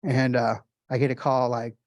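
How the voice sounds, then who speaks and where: A man giving a casual gallery art talk, telling stories in excited, quick bursts with lots of fillers and restarts. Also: mid-range voice, dry recording, studio quality. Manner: animated storyteller with many fillers and restarts.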